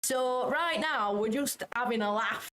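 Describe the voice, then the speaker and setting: A young British woman with a fairly high voice banters through a casual live stream. She jokes freely and swears now and then, and a faint hum of room noise sits under her voice. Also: measured pace, fairly bright tone. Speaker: livestream trading host. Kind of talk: casual livestream chat.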